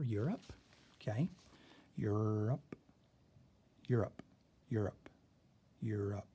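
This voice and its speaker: A man's voice: lowish voice, mellow, slightly rough. A man teaching a spelling lesson, walking through a word sort and checking in often with "okay.".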